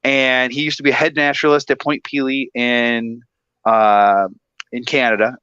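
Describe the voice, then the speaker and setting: Energetic, bright-voiced man telling stories. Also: mid-range voice, normal speed, clear, resonant tone, no echo, lo-fi sound. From Michigan. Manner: energetic, excitable, acts out voices. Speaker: guest. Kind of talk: casual chat, storytelling.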